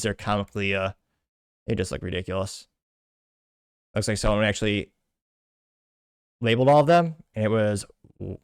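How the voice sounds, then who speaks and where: A man's voice: medium pitch, expressive, a little fast, pauses often, no echo. A man hosting a show, casually reading out social media posts with frequent stumbles and self-mocking asides. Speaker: show host.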